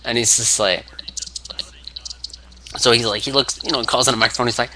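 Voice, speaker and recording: A man's voice: medium pitch, steady tone, a little fast, pauses often, pushed and bright, a little hiss or hum. A man rambling casually through a story, full of fillers and restarts. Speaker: wrestling fan.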